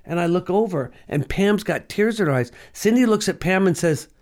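A middle-aged man tells a personal faith story in an earnest, emotional way. His voice is fairly high for a man. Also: expressive, moderate pace, darkish tone. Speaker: guest. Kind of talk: personal testimony in an interview.

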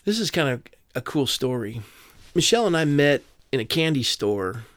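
A man's voice: medium pitch, very animated, normal speed, fairly bright tone, no room sound, clean studio sound. A man from Southern California, a podcast guest telling a personal testimony in earnest detail, acting out the dialogue. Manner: earnest storyteller, quotes dialogue.

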